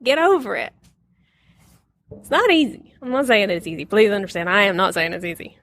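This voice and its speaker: A woman's voice: mid-range voice, expressive, brisk, fairly bright tone, slight background noise. A middle-aged woman teaching a casual Bible lesson to a group, telling stories with animation, laughing often and acting out quotes.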